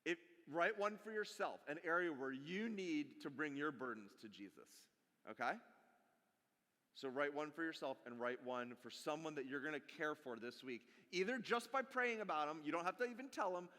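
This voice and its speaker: A man in his forties giving a sermon as a pastor, animated and jokey, talking straight to the congregation. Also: on the high side, moderate pace. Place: church sanctuary. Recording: long hall reverb.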